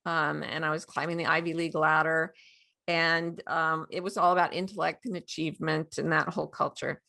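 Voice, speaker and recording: A woman's voice: low voice, fairly quick, gravelly. A woman in her sixties, a guest author, telling stories animatedly and laughing often. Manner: animated storyteller, acts out quotes, laughs often. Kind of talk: storytelling interview.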